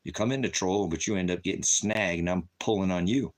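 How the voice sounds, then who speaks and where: A middle-aged man with a very deep, low voice hosts a ministry livestream and answers his chat. He swears freely and taunts his critics in a combative way. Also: a little fast, slight background noise. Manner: profane, combative, taunting, with bursts of laughter. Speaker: ministry host.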